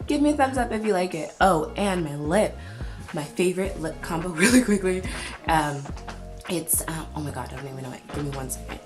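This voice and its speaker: Young woman vlogging in the car, lowish voice, rambly and giggly, music going clearly in the background. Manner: chatty, lots of "um" and "like", giggly. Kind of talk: casual vlog chat. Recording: music playing clearly behind.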